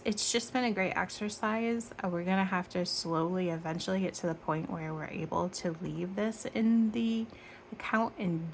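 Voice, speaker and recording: A woman from Michigan hosting a casual budgeting vlog, chatting in rambling tangents and counting cash out loud. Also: on the low side, creaky, a little hiss or hum. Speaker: budgeting channel host.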